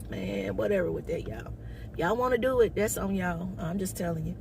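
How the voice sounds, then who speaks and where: A woman's voice: mid-range voice, moderate pace, creaky, slight background noise. Sassy woman telling a story. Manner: sassy, loud, calls viewers baby and honey. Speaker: comedian. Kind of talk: casual storytelling vlog.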